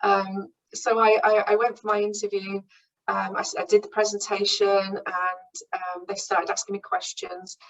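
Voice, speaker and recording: A woman in her forties talks frankly and informally, hesitating with ums and restarting sentences as she shares her own experience. Her voice sits at an ordinary middle pitch. She is picked up from a little way off the mic. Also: flat delivery, moderate pace, highs cut off, soft background music. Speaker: speaker at a branch meeting. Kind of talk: informal talk from personal experience. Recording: voice somewhat far from the mic.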